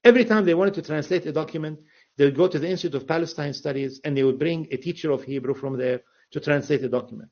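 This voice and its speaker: A man's voice: a little high, quick pace, dull audio. A man speaking as an interview guest and political commentator, sarcastic and mocking, often breaking into laughter. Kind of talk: conversational interview.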